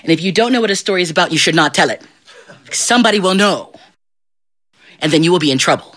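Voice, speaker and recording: A middle-aged storyteller performing live for an audience, animated and playful, often stopping to put questions to the room. The voice is bright and swings widely in pitch. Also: fast.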